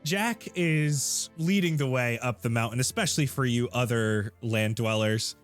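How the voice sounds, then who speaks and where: Man, game master, tabletop narration, animated, mid-range voice, faint background music. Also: mid-range voice, a little slow.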